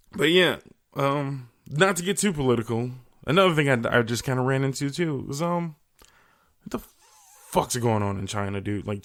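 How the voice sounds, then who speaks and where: A young man hosts his podcast alone and rants in a loose, casual way. He swears constantly as he talks. His voice sits a little on the low side. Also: vocal fry, a bit bright. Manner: profane, ranting, casual. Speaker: podcast host. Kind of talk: solo comedic rant.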